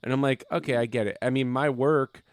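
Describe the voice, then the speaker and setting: A man's voice: mid-range voice, fairly even intonation, brisk, no echo, clean studio sound. A young adult man who co-hosts a podcast, telling profane stories in casual chat and acting out the people in them. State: recovering from covid. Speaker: podcast co-host. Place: home basement.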